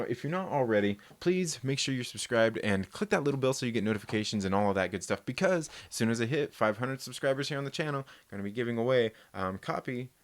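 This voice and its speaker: A man's voice: mid-range voice, no room sound. A man, hosting a casual live stream, rambling and reading viewer comments with lots of laughs. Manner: rambling, laid-back, laughs often.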